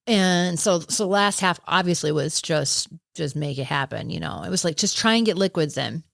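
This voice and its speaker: A woman ultrarunning coach, a guest on a podcast, telling race stories in an animated, casual way and acting out what people said. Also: fairly low pitch, moderate pace, gravelly, dry recording, studio quality. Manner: animated storyteller who acts out quoted voices and laughs often.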